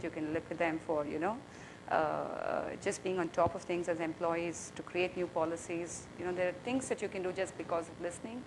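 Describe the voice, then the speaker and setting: A woman summarizing her conference talk in a measured, earnest way, with frequent fillers. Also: lowish voice, noisy background. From India. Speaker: conference panelist, CEO.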